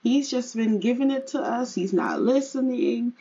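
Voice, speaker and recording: Tired young mother in a life-sim game, husky and frank, a bit higher, voiced by a woman. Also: normal speed, warm tone, dull audio.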